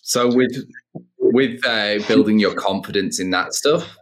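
A man's voice: lowish voice, a little slow. A man interviewing a guest, probing with one question after another. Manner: probing, strings several questions together. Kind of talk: asking questions in a podcast.

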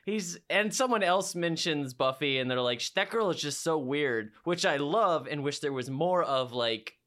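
A woman's voice: lively intonation, normal speed, a bit bright. A woman co-hosting a casual podcast chat, enthusiastic and fond of acting out quotes in a raised voice. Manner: enthusiastic, acts out quotes in a high voice. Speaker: podcast co-host.

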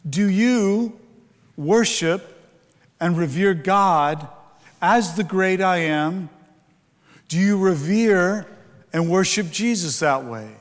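A man's voice: high voice, animated, slow, long pauses, in a large hall. A man preaching a sermon, explaining scripture in a teaching tone with fillers and rhetorical questions. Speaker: pastor.

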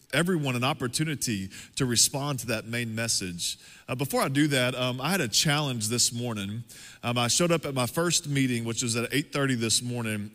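A man preaching, telling a personal story in a lively, conversational way to his congregation. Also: medium pitch. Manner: animated, conversational storytelling with laughs. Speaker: pastor. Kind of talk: sermon storytelling. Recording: long hall reverb.

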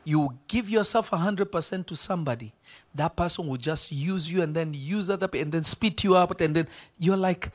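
Male preacher, live sermon, animated, quick to laugh, call-and-response, voice slightly high.

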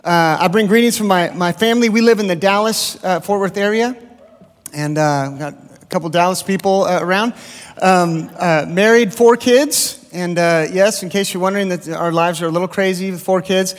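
A man's voice: sits high, normal speed. A man in his thirties, a guest pastor, opens a sermon with chatty, self-deprecating stories full of fillers, speaking from a church stage. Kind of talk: sermon introduction, casual storytelling. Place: large church auditorium. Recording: long hall reverb.

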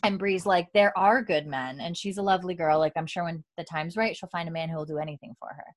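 A woman's voice: lowish voice, fairly even intonation, fast. A woman recapping a TV episode in casual chat, retelling scenes and quoting the characters between fillers. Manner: retells scenes with quoted lines, many fillers and laughs. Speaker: podcast co-host recapping a TV episode.

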